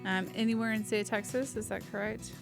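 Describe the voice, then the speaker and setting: Woman radio host, loud, close-miked, casual and chatty, faint music underneath. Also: mid-range voice, fairly even intonation, quick pace, creaky. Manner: loud, talks close to the mic, chatty with fillers. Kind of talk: casual interview chat. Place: community radio studio.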